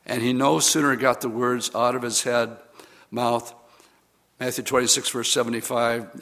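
A man's voice: mid-range voice, steady tone, moderate pace, gravelly, sharp tone. A man preaching a sermon, retelling scripture in a conversational, storytelling way with casual fillers.

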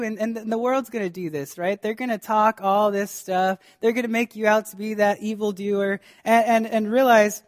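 Fervent pastor with a raised voice. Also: male voice, high voice. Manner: fervent, direct address to the congregation with frequent restarts. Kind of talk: sermon.

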